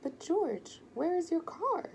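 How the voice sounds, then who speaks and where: A woman's voice: on the high side, expressive, normal speed, vocal fry, warm tone, slight background noise. A woman voicing a curious young boy in a storybook who asks eager questions.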